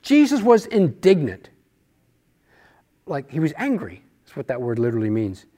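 High-voiced man teaching a Bible study. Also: wildly swooping pitch, normal speed, mellow. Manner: conversational, asks rhetorical questions.

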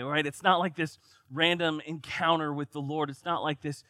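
Male preacher, bright tone, dry close sound, reads scripture then builds emphasis. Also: a little high, steady tone, a little fast, few pauses, dry recording. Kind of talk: sermon.

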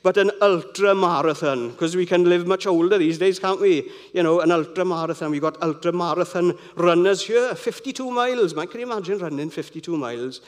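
A man's voice: sits high, a little fast, hardly any pauses. A middle-aged man gives a sermon in a conversational, rambling way full of personal anecdotes. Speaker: preacher.

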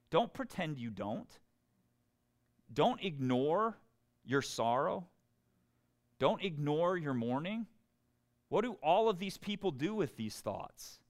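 A man preaching a sermon as pastor, talking in a conversational way and often putting questions to his listeners. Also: fairly high pitch. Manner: conversational, asks the congregation questions.

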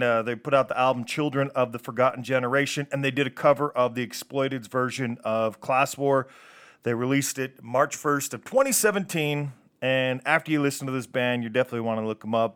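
A man's voice: medium pitch, brisk, fairly bright tone, smooth. Laid-back man hosting a punk radio show. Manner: laid-back, rambling, stumbles over names and swears. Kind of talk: casual radio show talk between songs.

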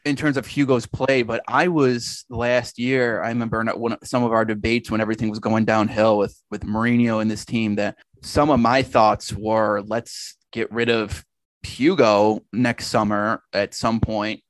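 A man's voice: fairly low pitch, level tone, moderate pace, dry recording. A man co-hosting a casual football podcast, rambling and restarting his sentences, swearing now and then. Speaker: podcast co-host. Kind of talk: casual sports chat.

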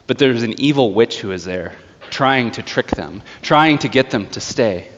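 A male pastor preaching a sermon, telling a story in an animated way. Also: mid-range voice, moderate pace. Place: church sanctuary. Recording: echoey church hall, slightly dull.

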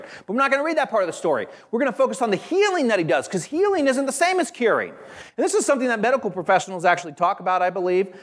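A man preaching a sermon, animated and conversational, with friendly asides to the congregation. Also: mid-range voice, long reverb tail. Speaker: pastor.

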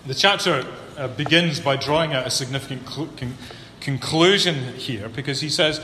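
A man preaching a sermon, building to emphatic peaks and then dropping low and earnest. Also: moderate pace, few pauses, sharp tone. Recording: echoey hall with long reverb, faint room hum.

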